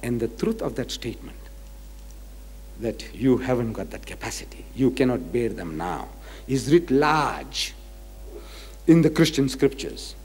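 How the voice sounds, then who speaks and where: A man giving a lively religious lecture, emphatic and repetitive as he cites scripture. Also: medium pitch, measured pace, long pauses, slight background noise. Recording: echoey lecture hall.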